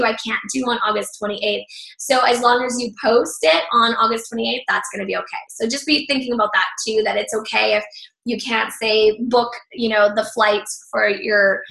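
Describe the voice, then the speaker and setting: Woman, encouraging group leader, slightly worn voice, bright tone, echoey room. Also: a little high, vocal fry. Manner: upbeat, encouraging, loose with fillers. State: slightly losing her voice. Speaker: group leader running a training call. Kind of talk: online training call.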